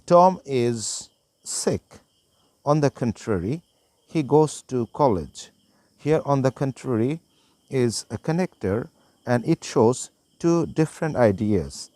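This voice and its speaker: Slow, deliberate male English teacher. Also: mid-range voice, animated, warm tone, no room sound. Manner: reads example sentences slowly, naming each connector. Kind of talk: slow deliberate grammar lesson.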